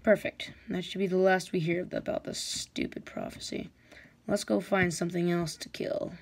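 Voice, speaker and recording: Woman voicing a sneering female dragon warlord, cruel and taunting, gravelly low voice, storybook villain. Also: fairly even intonation, moderate pace.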